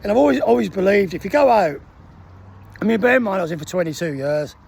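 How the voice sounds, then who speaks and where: Here the veteran in his sixties sounds high-pitched and fast, with vocal fry and a breathy edge. Animated and relaxed, he relates an anecdote while performing the voices of its characters.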